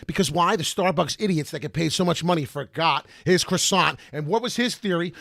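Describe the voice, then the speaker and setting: A man hosting a vlog, ranting loudly and profanely from a car in a parking lot. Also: high voice, lively intonation, brisk, creaky, few pauses, no echo, clean studio sound. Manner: loud, profane, fired-up ranting. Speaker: crypto video host.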